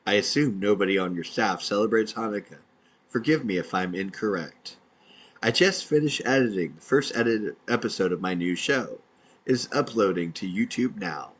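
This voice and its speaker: A man's voice: on the low side, expressive, normal speed, slightly rough, poor audio. A man, an independent podcaster, reading out his own messages in a dry, matter-of-fact way.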